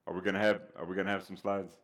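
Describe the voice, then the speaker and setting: A man's voice: low voice, little pitch movement, rapid-fire. Man preaching, emphatic scripture reading. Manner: conversational with fillers, rising to loud emphatic scripture reading. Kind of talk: sermon.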